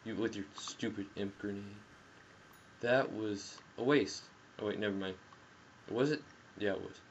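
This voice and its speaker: Young gamer guy, unhurried talk that jumps into yelps, dull headset mic with faint hiss. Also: lowish voice. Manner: excitable, jokey, yells at the game. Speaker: gameplay commentator. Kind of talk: casual gameplay commentary. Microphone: gaming headset.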